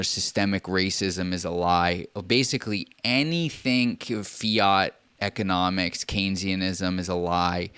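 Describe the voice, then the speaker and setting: A man's voice: sits low, fairly bright tone, clean tone, no room sound. A man streaming live, ranting bluntly in a casual monologue full of swearing.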